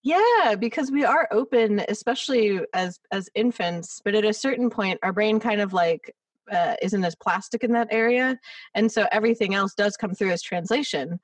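A woman talks casually in an animated, giggly way, full of likes and ums. She sits a little back from the microphone, and the sound stays dry with no room echo. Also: mid-range voice, moderate pace, recorded from a distance. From United States. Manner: chatty, animated, giggly, many fillers. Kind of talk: casual conversation.

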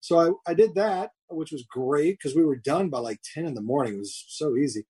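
Man, 50s, podcast co-host, casual rambling chat, slightly high, dry remote-call mic. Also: expressive, fairly quick, dark tone, slightly rough, dry recording. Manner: rambling, jokey, many fillers and restarts.

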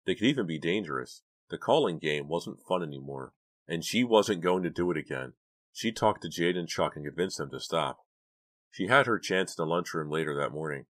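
A man narrating an audiobook in an even, measured storytelling manner. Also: a bass voice. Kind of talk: scripted narration.

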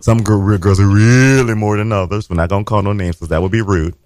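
A man's voice: on the low side, steady tone, fast, a little mellow, dry recording. A man co-hosting a casual chat show, talking in a campy, sassy, gossipy way. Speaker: podcast co-host.

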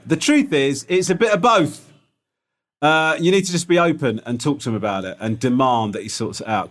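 A man co-hosting a podcast in casual chat, rambling and correcting himself, often laughing. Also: medium pitch. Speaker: podcast co-host.

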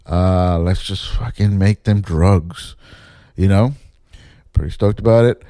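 A man casually telling a story about his theater days, swearing and jumping up in pitch to mimic people. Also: takes it slowly, no room sound, clean studio sound. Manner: animated, swears, mimics others in pitched-up quotes. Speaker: former assistant stage manager telling a story.

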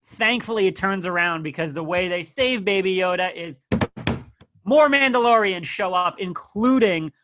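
Bright-voiced sarcastic man. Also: high-pitched, normal speed. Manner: blunt, sarcastic, critical. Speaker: podcast co-host reviewing a TV episode. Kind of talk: casual chat.

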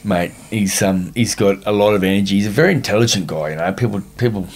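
Middle-aged Aussie man, low voice, blunt guest telling stories and swearing. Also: quick pace, a little mellow. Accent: Australian. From Australia. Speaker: guest, former boxer. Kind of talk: casual podcast chat.

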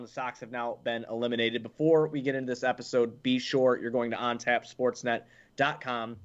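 A man's voice: medium pitch, highs cut off. A man hosting a casual sports podcast, talking loosely and frankly and swearing now and then. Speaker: podcast host.

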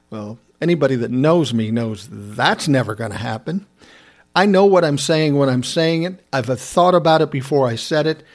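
A middle-aged man casually telling a personal story, wry and often laughing as he goes. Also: medium pitch. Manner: wry, laughing, self-described smart aleck.

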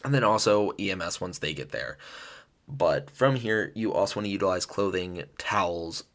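A young man hosting a podcast, explaining things in a relaxed, chatty way with fillers and restarts. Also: low-pitched, normal speed. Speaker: podcast host. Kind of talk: casual educational podcast talk.

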